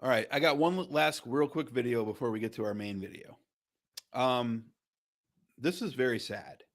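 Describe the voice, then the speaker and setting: A man's voice: mid-range voice, moderate pace. A man hosting a live stream and talking casually, with lots of ums and restarts. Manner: casual, filler-heavy, loose. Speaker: host.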